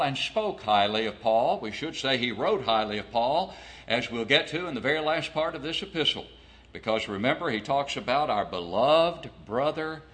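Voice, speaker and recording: Bright-voiced male preacher. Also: mid-range voice. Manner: deliberate, asks rhetorical questions. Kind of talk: expository sermon.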